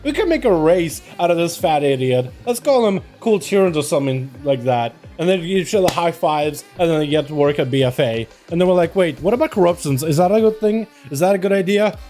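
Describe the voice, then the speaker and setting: Young male streamer, high mellow voice, hyped casual chatter over soft background music. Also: brisk, few pauses. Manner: excitable, slangy, greets chat constantly. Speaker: streamer hosting game duels. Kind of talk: casual livestream chat.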